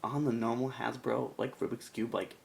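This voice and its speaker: A man's voice: medium pitch, flat delivery, moderate pace, creaky, background noise. A man giving a casual product review in a rambling, chatty way with self-mocking asides. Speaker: cube reviewer.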